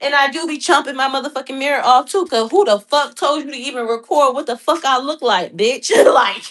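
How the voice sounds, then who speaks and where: Profane, laughing young woman chatting. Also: high voice. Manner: loud, profane, laughing storyteller. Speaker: podcast host. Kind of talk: casual chat.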